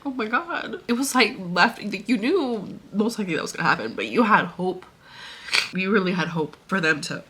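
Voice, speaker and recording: A woman's voice: lowish voice, fairly bright tone, a little hiss or hum. A young woman vlogger casually retelling a story she read, rambling and getting emotional. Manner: emotional, tearful, laughing and sighing while retelling; rambling with many fillers. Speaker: book vlogger.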